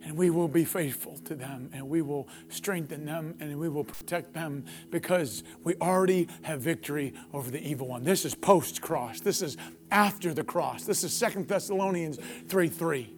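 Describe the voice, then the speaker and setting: A man preaching a sermon, building passionately to loud, repeated declarations. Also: on the high side, moderate pace, soft background music. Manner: impassioned, builds to near-shouting peaks; repetitive preaching cadence. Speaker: pastor.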